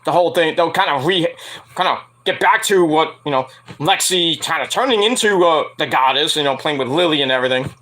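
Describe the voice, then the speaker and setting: A man's voice: on the high side, fairly quick, bright, forceful tone. A man hosting a casual wrestling news show, rambling and profane, laughing at his own jokes. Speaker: podcast host.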